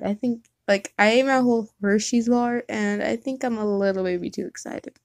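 A woman's voice: on the high side, normal speed, darkish tone, dry recording. Woman reader, casual and giggly, reads fan fiction with self-corrections, dry close mic. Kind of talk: reading fan fiction aloud.

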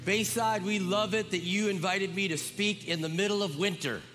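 A man's voice: high voice, fairly even intonation, moderate pace, over music. A middle-aged man from Minnesota, a guest pastor preaching with enthusiasm and a joking, friendly way with the crowd. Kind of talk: sermon. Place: large church auditorium. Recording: long reverb in a church hall. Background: congregation audible.

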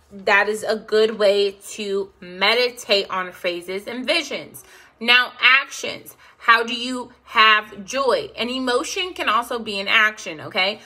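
A woman teaching a meditation class, talking slowly and checking in with listeners by asking "okay?" again and again. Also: mid-range voice, sharp tone. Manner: slow, repeats "okay?" to check in.

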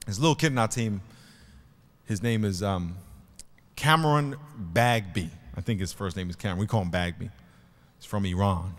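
A man's voice: mid-range voice, in a large hall. A man preaching a sermon to his church, telling stories and driving his points home emphatically. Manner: emphatic, storytelling, swings between quiet and loud. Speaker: pastor. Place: church sanctuary before a congregation.

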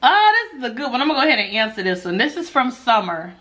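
A woman chatting casually while she eats on camera, reading viewer questions aloud and answering in a laid-back, animated way that often breaks into laughs. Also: fairly high pitch, fast. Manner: animated, laughs often when telling stories. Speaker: mukbang vlogger.

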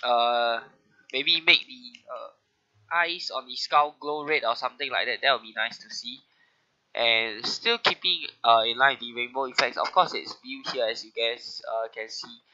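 Nasal, bright-toned man with a flu. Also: mid-range voice, moderate pace, dull audio. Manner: talks through notes with frequent "uh" fillers. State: sick with a bad flu. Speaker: gaming video host. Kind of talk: casual game update commentary.

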